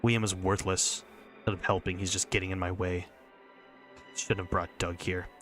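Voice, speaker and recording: A man's voice: low voice, little pitch movement, moderate pace, fairly bright tone, soft background music. A man reading a visual novel, voicing a stubborn young girl's intense first-person inner monologue. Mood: obsessive. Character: Michelle, furious stubborn young girl.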